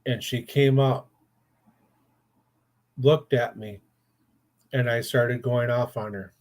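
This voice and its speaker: A man's voice: mid-range voice, steady tone, takes it slowly, a little mellow. An older man, a grandfather, hosting a casual chat show and telling rambling stories in a blunt, profane way. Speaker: podcast host.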